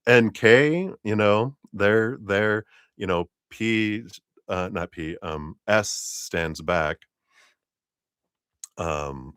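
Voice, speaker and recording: A man's voice: deep voice, takes it slowly, a bit bright, clean tone, no room sound, studio quality. A man giving a live-streamed tarot reading, telling it as a rambling story full of fillers and laughter. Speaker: tarot reader.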